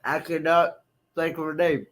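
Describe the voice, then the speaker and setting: A man co-hosting, answering in slow, hesitant replies. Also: fairly high pitch, level tone, a bit bright. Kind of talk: casual chat.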